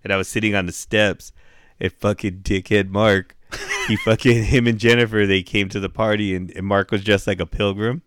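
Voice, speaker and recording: A man's voice: lowish voice, fairly even intonation, normal speed, a bit bright, clear, resonant tone, no room sound, studio quality. A middle-aged man telling stories in a casual chat, profane and laid-back, full of "dude" and "bro", acting out what people said.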